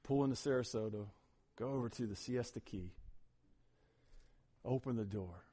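A man preaching a sermon as pastor, telling stories animatedly and swinging from loud emphasis to a hushed near-whisper. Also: medium pitch, normal speed, husky. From Ohio.

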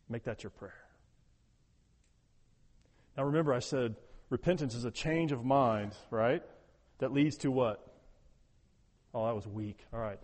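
A man preaching a sermon as pastor, talking with emphasis, repeating words, and moving between loud urging and quiet prayerful tones. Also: medium pitch, a little slow, pauses often, long reverb tail.

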